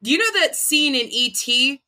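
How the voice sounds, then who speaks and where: A woman co-hosting a podcast in casual chat, telling stories in an excitable, rambling way with lots of giggling. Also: high voice, normal speed. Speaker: podcast co-host.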